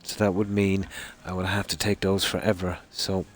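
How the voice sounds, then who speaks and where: Speaking from a room at home at night, a man rambles easily through live-stream commentary while he plays a game, filling it with lots of "you know"s and pauses. His voice is low-pitched and his delivery is flat.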